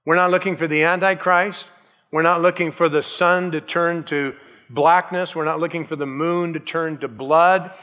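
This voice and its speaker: A man's voice: fairly high pitch, steady tone, moderate pace, bright, forceful tone, long reverb tail. A male pastor preaching a sermon in a conversational way, with joking asides and acted-out quotes.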